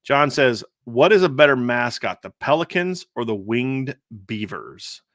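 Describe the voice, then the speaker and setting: Man, sports podcast host, casual chat, animated, dry close sound. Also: mid-range voice, measured pace, no room sound. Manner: animated, laughs and acts out quotes.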